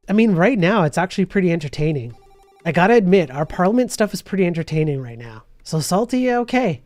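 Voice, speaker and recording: A man's voice: high voice, lively intonation, quick pace, a little mellow, dry recording, soft background music. A man, chatting casually on a live stream and reading viewer messages, laughing often, his voice a bit worn from hours of talking. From Canada.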